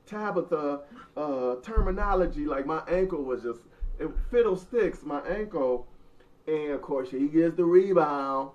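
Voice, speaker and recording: A man's voice: on the high side, unhurried, a little mellow, distant mic. A man in his thirties, the host, telling a funny story in a joking, mock-dramatic way. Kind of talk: casual storytelling. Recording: muffled sound from off mic.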